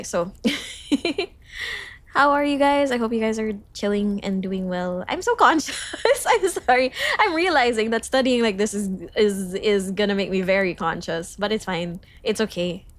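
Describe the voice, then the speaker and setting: A woman's voice: lively intonation, normal speed, dry recording. A young woman from the Philippines on a study livestream, reading notes aloud and breaking off for giggly, self-conscious greetings to chat. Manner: reads lessons aloud, then jumps to high cheerful greetings to chat. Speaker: streamer.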